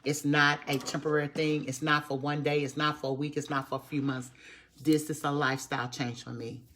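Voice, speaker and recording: A woman in her fifties talks to her live-stream viewers with a bright, sharp tone. She is emphatic and preachy, hammering her points home through repetition and calling her audience y'all. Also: deep voice, level tone, brisk. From Texas. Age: 50s. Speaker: network marketer. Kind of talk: live-stream motivational talk.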